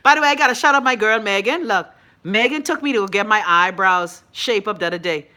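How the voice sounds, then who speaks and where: A Bahamian woman hosting a call-in show, ranting bluntly and profanely, swinging between loud outbursts and low mutters. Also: brisk. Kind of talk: blunt profane live-stream rant.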